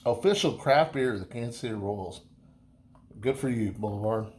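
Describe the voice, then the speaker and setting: A man's voice: lowish voice, expressive, normal speed, darkish tone. A man talking casually through a beer review, easygoing and chatty, rambling with many fillers and restarts.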